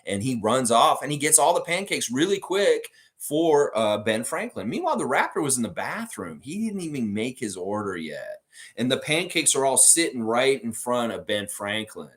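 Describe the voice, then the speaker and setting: A man hosting a live basketball stream, chatting with viewers and telling an improvised story, slipping into quick character voices. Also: mid-range voice, big pitch swings, fairly bright tone. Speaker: sports podcast host.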